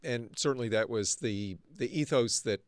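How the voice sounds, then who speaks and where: A man hosting an interview, asking long, measured questions with hesitations. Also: medium pitch, smooth, dry recording, studio quality. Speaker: dean, interview host.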